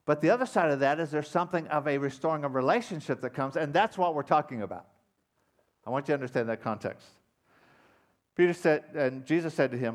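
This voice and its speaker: A man preaching a sermon as pastor, retelling a parable with dramatic emphasis that swings from loud to quiet. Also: fairly high pitch, fast. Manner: dramatic storytelling, loud rising emphasis then quiet intensity.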